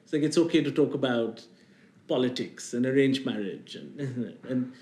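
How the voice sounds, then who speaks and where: A comedian from India with a posh Indian English accent, chatting loosely in an interview, rambling and making fun of himself. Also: male voice, mid-range voice, normal speed, warm tone, roomy sound. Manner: rambling, self-mocking, lots of fillers. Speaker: comedian guest. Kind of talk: casual interview chat.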